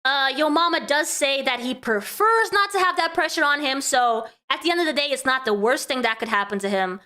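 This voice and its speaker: A woman's voice: high-pitched, lively intonation, fairly quick, pushed and bright. A woman hosting a casual commentary stream, chatty and talking to her chat, laughing often. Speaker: vtuber host.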